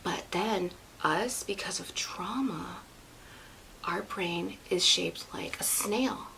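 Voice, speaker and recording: A woman doing a dull, hushed lecturer. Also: lowish voice, slow pace, gravelly, slight background noise, heavily acted. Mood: mock serious. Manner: flat, hushed, mock-serious. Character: overly serious, dull female lecturer.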